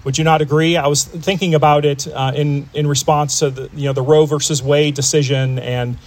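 A man's voice: fairly high pitch, flat delivery, fairly quick. A man preaching a sermon to a congregation in a conversational way, with frequent fillers and restarts. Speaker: pastor.

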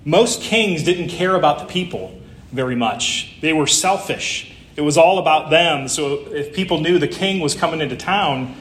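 A man's voice: a little high, normal speed, fairly bright tone, roomy sound. A man preaching a Palm Sunday sermon, conversational and full of rhetorical questions. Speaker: pastor.

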